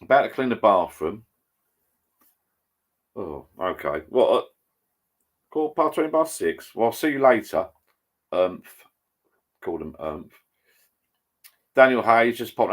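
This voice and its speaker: Older man, low-pitched, rambling, casual live chat. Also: expressive, measured pace, pauses often. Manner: chatty, rambling, reads viewer comments aloud. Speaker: livestream host. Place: his home bar.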